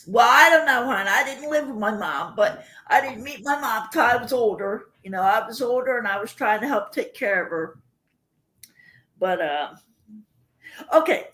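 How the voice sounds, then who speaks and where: This is an older woman chatting on a livestream with a high, very animated voice. She talks casually and rambles as she tells personal stories. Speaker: livestream host. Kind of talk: casual chat with viewers.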